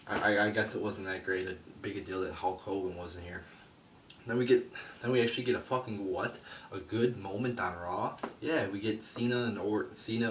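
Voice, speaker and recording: A man reviewing a wrestling show in a crude, swearing, scornful rant. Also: on the low side. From United States. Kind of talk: profane ranting review. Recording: roomy, distant mic, faint background noise.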